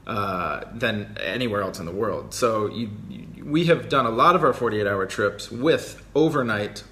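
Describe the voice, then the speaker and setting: Laid-back guy explaining travel stuff, bright voice, bit of noise. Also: lowish voice, normal speed. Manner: relaxed, explanatory, with frequent fillers. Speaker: travel vlogger co-host. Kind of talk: casual live Q&A chat. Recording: faint background noise.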